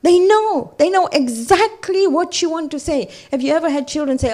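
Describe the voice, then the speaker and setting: A middle-aged woman giving a religious talk to a women's gathering, telling stories and asking the listeners direct questions. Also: high-pitched. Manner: animated, addresses the audience directly with questions; recites scripture rapidly in Arabic. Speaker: female religious speaker at a ladies' gathering. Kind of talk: religious lecture with storytelling.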